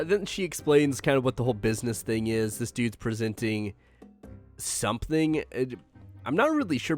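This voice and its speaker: Joking low-voiced male recap host. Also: darkish tone. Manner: joking, loose, filler-heavy delivery. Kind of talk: casual anime episode recap.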